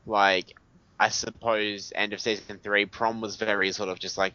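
An eager Australian man co-hosting a casual podcast, his lowish voice bright and edgy. He stammers and repeats words as he goes. The sound is dry and lo-fi. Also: little pitch movement, normal speed, dry recording. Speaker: podcast co-host. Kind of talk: casual chat. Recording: dry, dull lo-fi recording.

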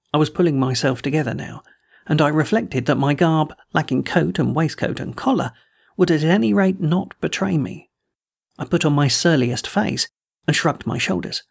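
Gravelly, husky male audiobook narrator. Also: on the high side. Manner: measured, first-person storytelling.

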